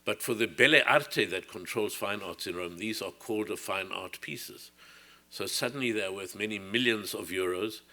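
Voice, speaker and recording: A man's voice: lowish voice, normal speed, pushed and bright. An older man from South Africa giving a reflective public lecture, often circling back and restarting his sentences.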